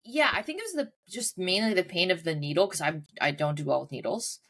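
A woman co-hosting a podcast, chatting in a casual, storytelling way. She laughs often as she talks, and her voice sits a little low for a woman. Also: expressive, a little fast, a bit bright. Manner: laughs often while telling stories. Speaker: podcast co-host. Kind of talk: casual chat.

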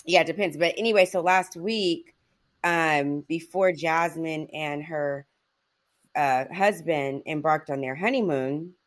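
A middle-aged woman hosts a casual podcast conversation with a somewhat low voice. She rambles easily, filling her talk with "like" and "you know" and laughing as she goes. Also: unhurried. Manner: chatty, laughs often, lots of "like" and "you know". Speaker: podcast host. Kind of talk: casual chat.

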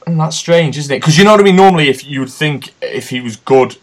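A man's voice: a little high, animated, fast. A man hosting a casual football podcast, chatty and rambling, poking fun at himself. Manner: chatty, rambling, self-mocking. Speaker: podcast host.

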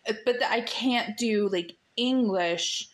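A woman's voice: a little high, slow. An American woman hosting a podcast interview, chatting in a bubbly way and laughing often. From United States. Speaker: podcast host. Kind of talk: casual interview chat.

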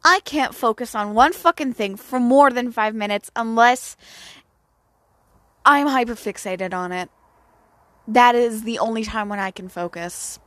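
Slow-talking profane teen girl ranting. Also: on the high side, fairly bright tone, no echo. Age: late teens. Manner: profane, blunt, self-mocking. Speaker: vlogger. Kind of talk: casual ranting monologue. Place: outdoors near home at sunset.

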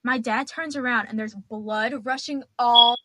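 A woman's voice: a little high, steady tone, a little slow, fairly bright tone, no room sound. A young woman telling stories as a podcast guest, chatty and dramatic, laughing as she goes. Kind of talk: casual storytelling.

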